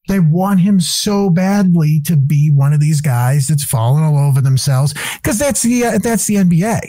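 A man talks as a podcast guest in loose, rambling, profanity-laced stories, laughing as he goes. His voice is dark and mellow. The sound is dry and close, with little room in it. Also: fairly high pitch, dry recording. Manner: excitable, quick to laugh. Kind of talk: casual chat.

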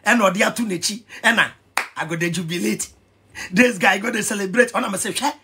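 Husky high-pitched Ghanaian man. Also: fairly quick. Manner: excitable, switching between pidgin and Twi, shouting and laughing. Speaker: vlogger. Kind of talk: animated commentary rant.

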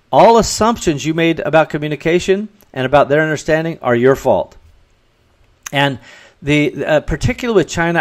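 A man hosting a podcast, giving earnest business advice in a solo talk and acting out bits of dialogue. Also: medium pitch. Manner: earnest and advising, acts out dialogue in quotes. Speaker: podcast host.

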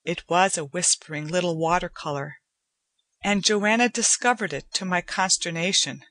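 A woman narrating a short story in a measured, unhurried storytelling manner. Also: fairly low pitch, a bit bright, dry recording. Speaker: audiobook narrator. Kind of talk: scripted narration.

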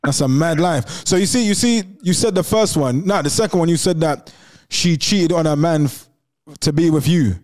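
A young man co-hosting a live call-in show, trading jokes in fast slang banter. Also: fairly high pitch, a little mellow. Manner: fast, jokey, ends lines with "bruv". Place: studio.

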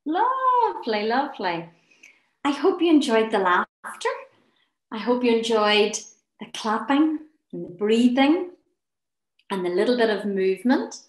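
Slow, soothing woman. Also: medium pitch, roomy sound, poor audio. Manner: gentle, encouraging, soothing instructions. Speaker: wellness session leader. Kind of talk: guided laughter and relaxation session.

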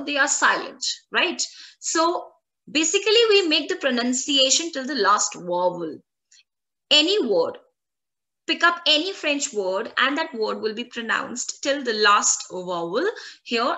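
A woman language instructor teaching an online lesson, repeating words slowly and clearly for learners. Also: fairly high pitch, bright, forceful tone. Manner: slow, drawn-out repetition of French words for learners.

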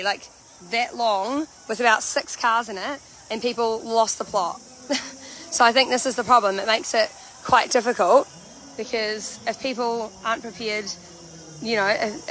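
Woman, New Zealand accent, fairly high voice, chatty livestream commentary, phone mic outdoors, noisy background. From New Zealand, Canterbury. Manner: chatty, explains things at length, many "you know" and "like" fillers. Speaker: livestreamer reporting from a protest. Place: outdoors at a busy protest camp. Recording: phone audio with steady background noise.

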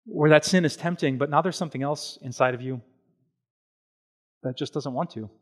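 A man preaching a sermon as pastor, animated and conversational, with slow, hushed stretches on solemn points. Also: on the high side. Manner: animated and conversational, with everyday examples and quick asides.

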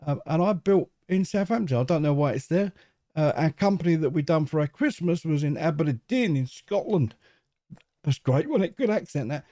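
Middle-aged man from England, chatty gameplay host, mellow voice, dry close sound. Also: fairly high pitch, expressive, fairly quick, dry recording. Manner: chatty, rambling, self-mocking. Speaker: gaming channel host. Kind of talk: casual gameplay commentary.

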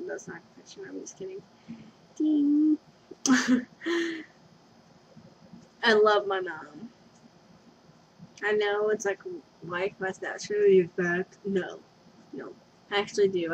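A giggly, scatterbrained young vlogger speaks at medium pitch while rambling through a casual confession at home, often drifting off her point. The dull lo-fi webcam audio has a little hiss or hum.

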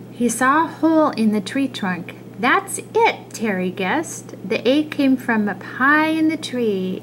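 A woman reading a children's picture book aloud, expressive and adding little asides about the pictures. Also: fairly high pitch, slight background noise, low-quality recording. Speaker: storybook reader.

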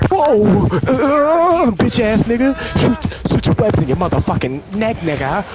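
A young man streaming a video game, reacting with loud excited exclamations and profane trash talk at the enemies. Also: sits high, unhurried, very noisy. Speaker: gaming streamer. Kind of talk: live gameplay commentary. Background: loud game music.

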